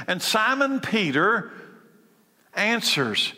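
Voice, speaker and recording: Emphatic preacher with a bright high voice. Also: male voice, big pitch swings, takes it slowly. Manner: dramatic swings from hushed to emphatic, repeating key lines. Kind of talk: sermon. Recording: long hall reverb.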